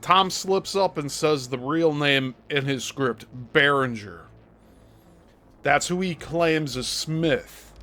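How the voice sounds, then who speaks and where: A man's voice: fairly high pitch, slow, bright, forceful tone. A male host giving critical commentary on a played clip, explaining his points step by step.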